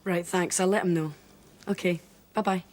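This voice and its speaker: An actress playing a sensible daughter in a TV soap who asks probing questions. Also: female voice, lowish voice, steady tone, normal speed, a little mellow, close to an everyday voice. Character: sensible Scottish daughter, probing and level-headed. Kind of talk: TV soap drama.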